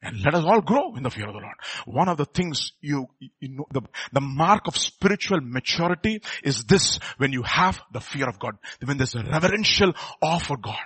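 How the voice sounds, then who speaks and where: A man preaching a sermon, firing rhetorical questions at the congregation and swinging from quiet asides to loud, emphatic peaks. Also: on the high side, sing-song, moderate pace, slightly rough, no echo.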